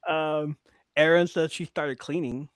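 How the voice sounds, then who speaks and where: A man's voice: on the high side, a little slow, clear, resonant tone, no echo, studio quality. A man hosting a live podcast, swearing freely as he tells family stories and reads viewer comments aloud in casual chat. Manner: profane, animated retelling of family stories. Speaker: podcast host.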